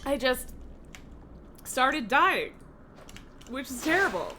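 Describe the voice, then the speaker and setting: Woman streamer, unhurried, dry tickly throat, clear hiss of noise behind her. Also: high-pitched, big pitch swings, pushed and bright. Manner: self-mocking, chatty, laughs often. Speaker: live streamer. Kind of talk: casual live-stream chat while gaming.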